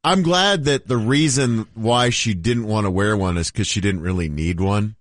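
A man's voice: fairly low pitch, normal speed, no room sound, clean studio sound. A man co-hosting a radio show, cracking jokes with stumbling restarts. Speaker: radio co-host. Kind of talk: casual radio banter.

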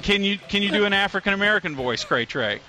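A man's voice: high voice, expressive, fast talker, over music, poor audio. A man hosting a casual comedy show, teasing and egging on his guests. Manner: teasing, eggs others on. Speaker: host.

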